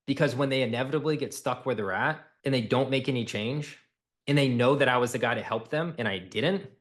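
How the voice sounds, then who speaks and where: A man's voice: medium pitch, fairly quick. A man coaching on sales in a blunt, emphatic way, repeating phrases for effect.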